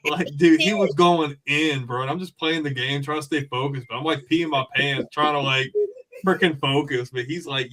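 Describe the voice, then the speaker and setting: A man's voice: fairly high pitch, moderate pace. A man co-hosting a casual wrestling podcast, telling stories with lots of laughter and swearing. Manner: animated storyteller, laughs often, swears. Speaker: podcast co-host. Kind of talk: casual chat.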